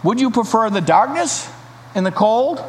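A man voicing a calm male stranger who brings fire, speaking in a gentle, inviting way. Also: high-pitched, normal speed. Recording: reverberant hall, faint hiss.

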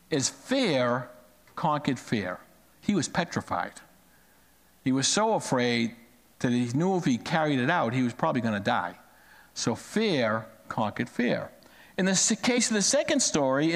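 A man preaching a sermon, telling stories to his congregation with lively swings of voice. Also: on the high side, in a large hall. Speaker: pastor.

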